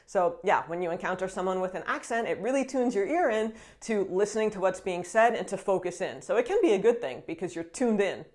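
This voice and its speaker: A woman's voice: medium pitch, expressive, fairly quick, few pauses, darkish tone. Chatty upbeat woman vlogging. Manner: chatty and upbeat, with frequent fillers and laughs. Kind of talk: casual vlog talk to camera.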